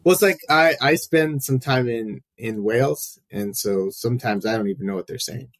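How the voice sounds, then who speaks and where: A man's voice: mid-range voice, moderate pace, dry recording. A man hosting a podcast in casual chat, talking in a rambling way with lots of fillers. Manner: chatty, rambling, frequent fillers. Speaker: podcast host.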